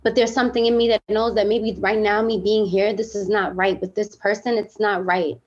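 A woman's voice: mid-range voice, level tone, a little fast, muffled recording. A woman guest on a podcast, talking candidly and with feeling, with lots of fillers. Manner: heartfelt, emphatic, many fillers.

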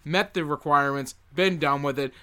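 A man's voice: a little high, normal speed, bright, forceful tone, smooth. A man co-hosting a casual podcast, cracking wry jokes and slipping into goofy voices. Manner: wry, jokey, bursts into goofy put-on voices. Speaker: podcast co-host. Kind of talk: casual chat, joking banter.

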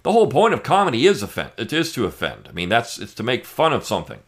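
A man's voice: mid-range voice, huge pitch swings, quick pace, fairly bright tone. A man hosting a podcast, giving an emphatic, sarcastic opinion monologue with frequent fillers. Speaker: podcast host.

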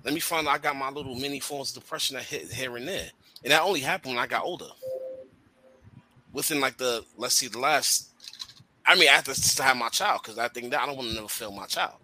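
A man talking in a casual podcast chat, animated and slangy, swearing freely. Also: medium pitch, fast, low-quality recording.

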